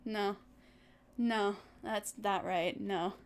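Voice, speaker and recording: A woman's voice: mid-range voice, fairly even intonation, very slow. A young woman streaming as a VTuber, rambling in casual chat to her viewers with exasperated asides and frequent laughs.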